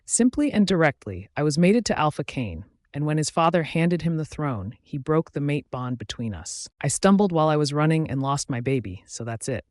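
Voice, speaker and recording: A man voicing a gentle, grateful young woman with scars in a werewolf audiobook, speaking softly and quietly. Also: fairly high pitch, sing-song, moderate pace, few pauses, no echo, studio quality. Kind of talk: audiobook narration.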